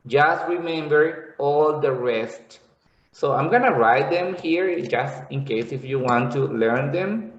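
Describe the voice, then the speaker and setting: Male teacher, patient classroom explaining; slow, roomy lo-fi sound. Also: fairly high pitch. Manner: explains slowly, repeats words, checks in with "okay". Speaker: English teacher. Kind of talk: classroom lesson. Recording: echoey room, dull lo-fi sound.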